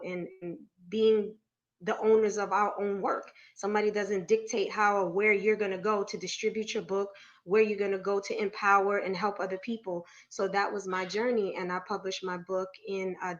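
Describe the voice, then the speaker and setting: A woman speaks on a panel about her path as an author, heartfelt and circling back over her words. Her voice sits in the middle range and comes through a somewhat muffled, dull video-call line. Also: mid-range voice. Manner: heartfelt, repeats herself, many fillers. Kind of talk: testimonial sharing, casual.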